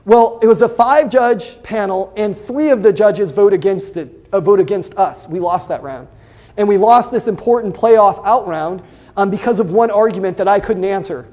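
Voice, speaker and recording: High-voiced man lecturing a debate class. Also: normal speed. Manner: animated, asks the class questions. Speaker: debate instructor.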